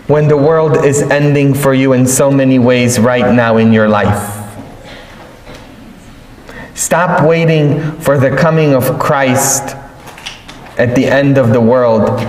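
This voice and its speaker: A man preaching a sermon as a priest, telling stories with joking asides in a slow homily style. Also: on the high side, a little hiss or hum. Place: large church. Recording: echoey church from a distance.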